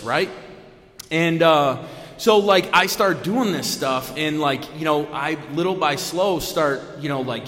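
Man telling his story in an echoey hall. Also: moderate pace. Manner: lively storytelling with big pitch swings, many fillers. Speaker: AA main speaker. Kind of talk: personal recovery talk at a meeting. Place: meeting room. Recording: echoey hall, long reverb.

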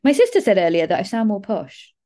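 A woman hosting an astrology podcast, talking fast in a rambling, digressive way with frequent asides. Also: medium pitch, very animated, warm tone. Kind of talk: casual solo podcast monologue.

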